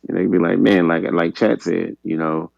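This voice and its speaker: A man's voice: low voice, a little fast, creaky, no echo. A man co-hosting a podcast, chatting casually in an easygoing, musing way with lots of "you know". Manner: relaxed, musing delivery with frequent "you know". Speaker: podcast co-host. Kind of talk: casual chat. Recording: slightly dull, dry lo-fi sound.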